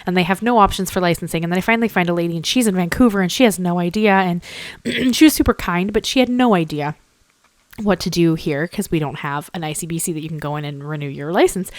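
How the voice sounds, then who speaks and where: Chatty woman, a bit hoarse. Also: medium pitch, no room sound. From Canada. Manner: chatty, rambling, frequent laughs and throat clearing. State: hoarse from a cold. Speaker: card-making tutorial host. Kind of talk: casual voice-over tutorial.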